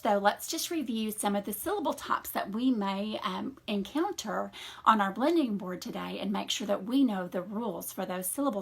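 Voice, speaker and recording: A woman teaching a phonics lesson to young children in a slow, encouraging, sing-song teacher voice. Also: medium pitch, gravelly, fairly bright tone, slightly rough. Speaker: reading teacher.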